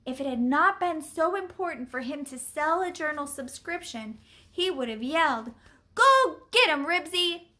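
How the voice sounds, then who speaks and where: A woman reading a children's book aloud, expressive and deliberate. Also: high voice. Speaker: story reader.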